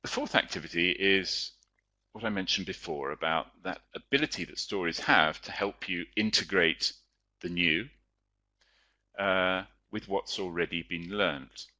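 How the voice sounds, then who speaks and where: A man's voice: sits low, measured pace, pushed and bright. A man, a teacher and writer, giving a chatty, explanatory webinar lecture with frequent fillers.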